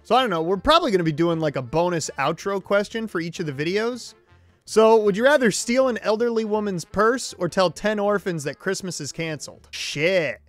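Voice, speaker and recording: A man's voice: sits high, lively intonation, brisk, dry recording, soft background music. Rambling, swearing young man host. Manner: rambling, swearing, self-mocking. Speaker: YouTube host. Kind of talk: casual solo commentary. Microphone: desk mic, close.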